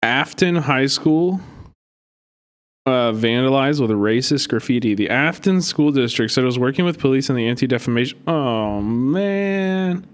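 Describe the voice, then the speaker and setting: A man's voice: medium pitch, a little slow, clean tone. A man streaming live, reacting to clips with mocking, profanity-laced commentary and frequent laughter. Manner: animated, cursing, mocking, laughs often. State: hiccups.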